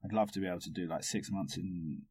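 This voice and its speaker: A man's voice: low voice, fairly even intonation, quick pace, darkish tone, husky. A man from London with a London accent, a photographer guest telling loose, chatty stories with casual swearing in a podcast interview. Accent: London English. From London, England.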